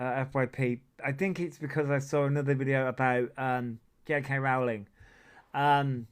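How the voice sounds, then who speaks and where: A man's voice: mid-range voice, clean tone. A man hosting a casual livestream, rambling off on tangents and swearing often. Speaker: livestream host. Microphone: desk mic that picks up a lot.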